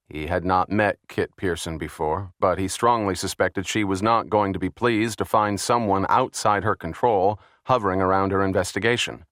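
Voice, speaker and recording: Low-voiced male audiobook narrator. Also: dry recording, clean studio sound. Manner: steady, even reading. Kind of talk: scripted thriller narration.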